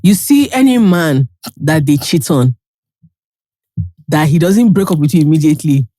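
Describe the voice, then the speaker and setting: A woman's voice: deep voice, animated, moderate pace, dark tone, dry recording, clean studio sound. A woman, co-hosting a podcast in playful, mock-scolding casual chat. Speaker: podcast host.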